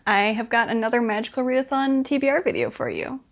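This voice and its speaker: A woman's voice: fairly high pitch, steady tone, fast talker, over music. A young woman talking casually to camera as a book vlogger, chatty and upbeat, with lots of fillers.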